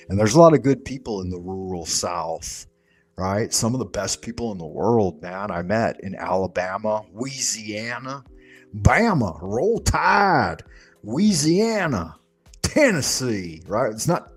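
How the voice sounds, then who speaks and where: A man's voice: on the low side, no echo. A man hosting a livestream, rambling through casual stories with profanity and chuckles. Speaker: livestream host. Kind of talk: casual chat.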